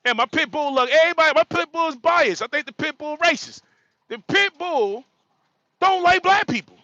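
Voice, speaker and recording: High bright joking trucker man. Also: brisk, no room sound, dull audio. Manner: joking, repetitive, frequent laughter. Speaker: livestream host; truck driver. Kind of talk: casual livestream talk.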